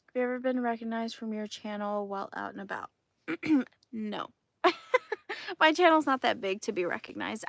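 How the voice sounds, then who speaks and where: Chatty higher-voiced woman crochet host. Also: gravelly, fairly bright tone, no room sound. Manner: chatty storyteller who laughs often. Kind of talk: casual livestream chat, answering comments.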